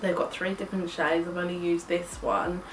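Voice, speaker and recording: A woman's voice: fairly low pitch, little pitch movement, normal speed. Casual beauty vlogger, young woman, enthusiastic and chatty, recorded at a distance with faint hiss. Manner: gushing, chatty, swears casually. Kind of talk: casual makeup chat. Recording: echoey room, mic set back, faint hiss.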